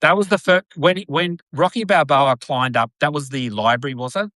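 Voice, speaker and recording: A man's voice: on the high side, normal speed, sharp tone, no room sound. A man hosting a casual podcast chat, rambling with lots of fillers. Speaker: podcast host. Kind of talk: casual chat on a live video.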